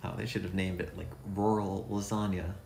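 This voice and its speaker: A man's voice: low-pitched, fairly even intonation, brisk, creaky, a little mellow, a little hiss or hum. A man streaming a game, rambling and thinking aloud with a self-deprecating, offhand manner. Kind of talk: casual let's-play commentary. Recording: echoey room sound.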